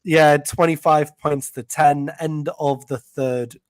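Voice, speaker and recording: A man's voice: fairly high pitch, steady tone, dry recording. English man, chatty sports co-host. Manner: chatty, quick to laugh, many fillers. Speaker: podcast co-host. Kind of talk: casual sports chat.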